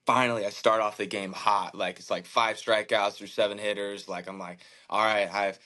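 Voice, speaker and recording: A man in his thirties, a podcast guest, telling a candid personal story in an earnest, halting way, with many fillers and restarts. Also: on the low side, steady tone, sharp tone. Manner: emotional, reflective faith talk. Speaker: podcast guest, baseball pitcher.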